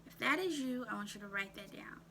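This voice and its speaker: A woman's voice: fairly high pitch, lively intonation, bright, forceful tone, slight background noise. A woman vlogging about self-care, coaching her viewers with a string of questions and telling them again and again to write it down. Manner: asks viewers rapid questions, repeats "write that down". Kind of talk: direct-to-camera coaching talk.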